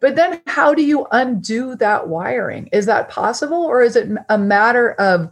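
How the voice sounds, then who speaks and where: A woman's voice: a little high, lively intonation, moderate pace. A woman hosting a podcast interview, engaged and enthusiastic as she asks questions. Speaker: podcast host. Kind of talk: casual interview chat.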